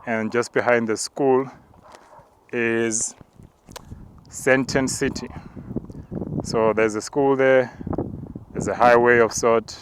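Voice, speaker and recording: A man acting as apostle who narrates a spiritual walk outdoors on a mountain path, talking calmly while he climbs and now and then breaking into tongues. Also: mid-range voice, a little hiss or hum. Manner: calm, measured, breaks into tongues.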